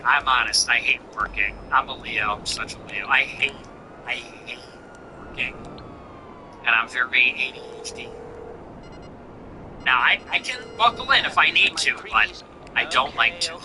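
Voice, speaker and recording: A man hosting a livestream, chatting casually and sarcastically while answering donations. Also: noisy background. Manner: sarcastic, mocking, swings pitch for effect. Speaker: show host.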